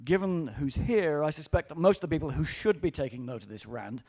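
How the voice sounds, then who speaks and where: A man's voice: fairly high pitch, a little fast, a little mellow. Profane ranting older British man. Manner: blunt, profane, exasperated ranting. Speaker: panelist. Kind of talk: stage rant at a conference panel. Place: conference hall stage.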